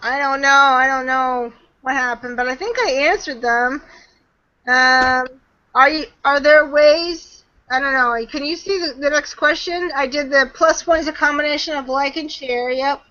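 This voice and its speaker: Woman guest, webinar Q&A over video call; high, bright, slow and chatty, trails off. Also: fairly even intonation, muffled recording. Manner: chatty, laughs often, trails off mid-sentence. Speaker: guest marketing trainer. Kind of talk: webinar Q&A chat.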